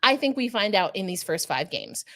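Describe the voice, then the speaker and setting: A woman from New York City co-hosting a live sports podcast, chatty and animated, with nerdy asides and quick self-corrections. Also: mid-range voice. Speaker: podcast co-host. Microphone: remote streaming setup.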